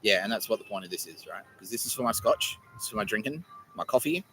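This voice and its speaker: Aussie man, rambling profane podcast host, lively bright voice, faint music behind. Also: lowish voice, fast, poor audio. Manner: profane, joking, laughs often. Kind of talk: rambling casual monologue. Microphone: own camera.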